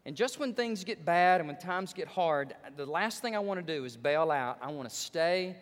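A man's voice: a little high, animated, moderate pace, big-room sound. A male pastor preaching a sermon with emphatic delivery, drawing out the words he stresses.

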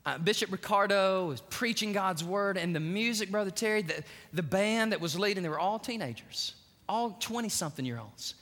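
A pastor delivers his sermon in a high, bright, forceful voice. His storytelling is energetic, with emphatic swings in loudness. A long reverb trails each phrase in the large church. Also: moderate pace.

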